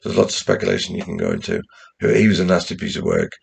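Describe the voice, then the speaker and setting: A man's voice: sits low, wildly swooping pitch, fast, vocal fry, slightly rough. A young man with a blend of West Midlands, Geordie and posh English accents, talking to his channel in a rambling, sweary, anxious way. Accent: mixed West Midlands, Geordie and posh English. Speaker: channel host. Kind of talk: casual vlog monologue.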